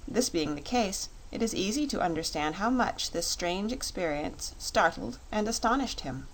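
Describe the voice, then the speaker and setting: Audiobook narrator, woman, even measured read, mid-pitched. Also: slight background noise, poor audio. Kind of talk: scripted narration.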